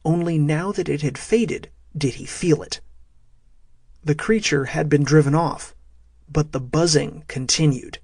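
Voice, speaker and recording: A man narrating a thriller audiobook in a steady, measured way. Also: on the high side, vocal fry, breathy edge, no echo, clean studio sound.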